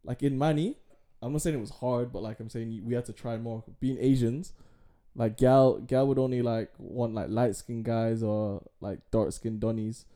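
Mellow young man, slangy chat. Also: medium pitch, fairly even intonation, moderate pace. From Manchester, England. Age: young adult. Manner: slangy, laughs often, says bro a lot. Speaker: guest, host's brother. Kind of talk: casual chat.

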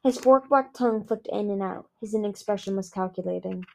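A woman's voice: mid-range voice, normal speed, creaky. A woman reading a fantasy novel aloud, hesitant, with frequent restarts. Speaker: audiobook reader.

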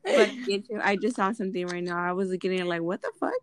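A woman co-hosting a podcast in casual chat, blunt and profane, getting loud when riled. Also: medium pitch, rapid-fire. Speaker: podcast co-host.

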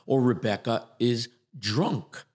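Male acting coach, talkative and animated, mid-pitched, wide swings in intonation. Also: slow. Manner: animated, repetitive explaining. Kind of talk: explaining in a conversational interview.

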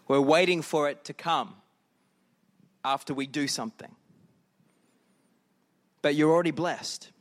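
A man's voice: fairly high pitch, fairly even intonation, measured pace, pauses often. A middle-aged man preaching a conversational sermon as pastor and leading prayer.

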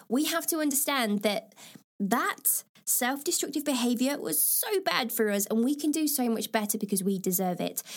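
A woman leading an online self-help group, recapping lessons in a chatty, encouraging way with everyday examples. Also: fairly high pitch. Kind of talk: casual recorded recap talk.

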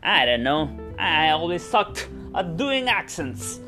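A man's voice: fairly high pitch, sing-song, slow, sharp tone, faint music behind. A man, a stage actor, chatting casually to his viewers, often repeating words and ending phrases with a questioning "yeah?". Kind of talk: casual vlog chat.

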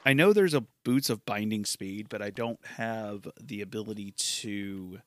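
A man's voice: on the low side, unhurried, dry recording. A man giving casual gameplay commentary for a podcast, rambling, repeating himself and amused at his own play. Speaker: gaming podcaster.

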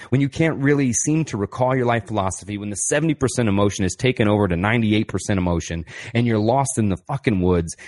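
A man with a fairly low voice delivers a casual self-help monologue. He talks bluntly and curses freely. He keeps firing rhetorical questions at the listener. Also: darkish tone. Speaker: podcast host and author.

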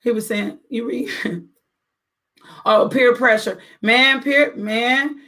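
A woman's voice: fairly high pitch, slow, pushed and bright. A middle-aged mother giving an earnest, preachy faith-based parenting talk, full of rhetorical questions.

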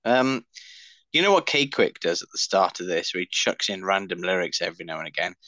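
A man's voice: low voice, lively intonation, brisk, bright, forceful tone, no echo, low-quality recording. A middle-aged man co-hosting a podcast in casual banter, jokey and swearing freely, with kids of his own. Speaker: podcast co-host.

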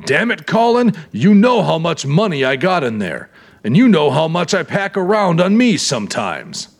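A surly aging tough who bristles at everything, as a male narrator puts him on. His voice sits high and strained as he grumbles back defiantly. He talks in lively, bouncing contours. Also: unhurried. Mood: defiant grumbling. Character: surly aging man, gun-toting warehouse owner. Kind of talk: audiobook character voice.

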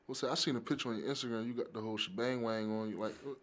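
A young man hosting a podcast, telling stories in an animated, slangy, casual way. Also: mid-range voice, rapid-fire. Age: young adult. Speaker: podcast host.

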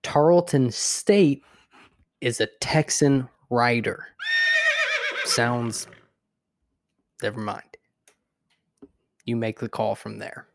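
A man cohosting a casual podcast, laying out picks in a measured way. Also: mid-range voice, fairly even intonation, gravelly, background noise. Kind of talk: casual chat.

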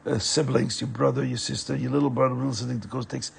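Very husky, gravelly male storyteller. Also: medium pitch, quick pace. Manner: animated, addresses listeners directly. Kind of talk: children's story narration.

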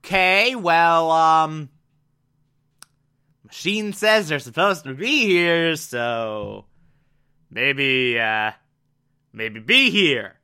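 A man voicing a distracted woman who mumbles hesitantly in a low, quiet voice. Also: lively intonation, very slow, long pauses, clear, resonant tone, heavily acted. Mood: vague. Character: vague, distracted woman agent.

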